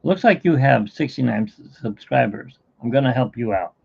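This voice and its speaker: A man's voice: medium pitch, lively intonation, moderate pace, vocal fry, a little mellow, breathy edge, highs cut off. A middle-aged man hosting a live stream, chatting casually and telling jokes in a rambling, self-mocking way.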